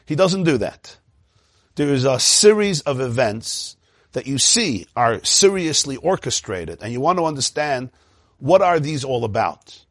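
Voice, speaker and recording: A man's voice: mid-range voice, big pitch swings, measured pace, dry recording, studio quality. A man teaching a Torah lesson, retelling a biblical story with repeated phrases for emphasis and quoting Hebrew verses before translating them.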